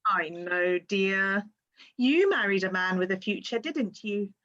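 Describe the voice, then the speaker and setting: A woman's voice: mid-range voice, expressive, unhurried, fairly bright tone, highs cut off. An actress playing a vain, witty young society woman, delivering her lines with arch, playful comic timing. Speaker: amateur stage actress. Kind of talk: stage play performance.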